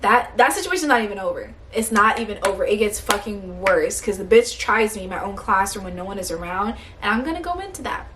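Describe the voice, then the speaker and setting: A young woman vlogger telling a workplace story in a blunt, animated rant, swearing often and sounding tired and hungry. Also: mid-range voice, brisk, few pauses, a little hiss or hum.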